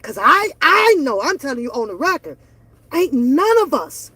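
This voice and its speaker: A woman's voice: sits high, big pitch swings, normal speed, bright, forceful tone, dry recording. A woman, ranting bluntly and profanely on her reaction channel. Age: 40s. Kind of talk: casual opinion rant.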